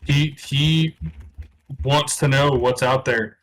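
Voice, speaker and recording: A man's voice: mid-range voice, fairly even intonation, takes it slowly, a bit bright, rough recording. A man playing in a tabletop game, chatting bluntly and swearing heavily. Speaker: player. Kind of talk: casual chat at a tabletop game.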